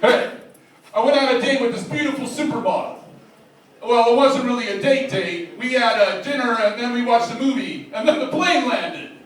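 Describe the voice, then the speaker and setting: A man's voice: very high-pitched, moderate pace, slight background noise. A man doing an impression of a famous self-pitying comedian, firing off self-deprecating one-liners that each start with "hey.". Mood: hard-luck griping. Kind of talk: stand-up impression. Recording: very echoey, mic far off.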